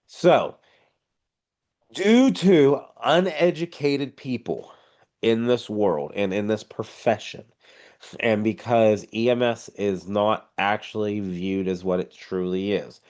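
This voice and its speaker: A man's voice: fairly low pitch, darkish tone. A man teaching an online EMS class in a blunt, informal and emphatic way, heard over a video call. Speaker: EMS instructor. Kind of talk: casual online class lecture.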